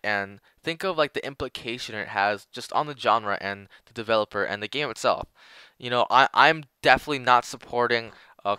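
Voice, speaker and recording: A man's voice: mid-range voice, pushed and bright, clear, resonant tone, dry recording. A young man giving casual commentary over gameplay, rambling with many filler words and restarts. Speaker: gaming commentator.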